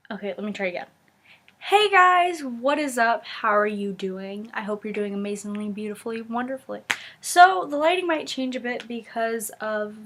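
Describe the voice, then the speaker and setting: A teenage girl vlogging from her bedroom, telling funny stories in an animated, giggly way with lots of restarts. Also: a little high. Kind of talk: casual storytelling vlog. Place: bedroom with window open.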